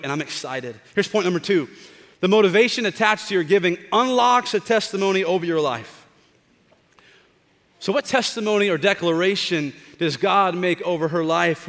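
A man in his thirties preaching a sermon as pastor, animated and conversational, joking with the congregation. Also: high-pitched. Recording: long hall reverb.

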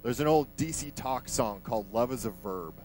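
A man's voice: medium pitch, expressive, moderate pace, darkish tone, soft background music, poor audio. A man preaching a sermon in a conversational, emphatic way, vividly retelling a scripture passage.

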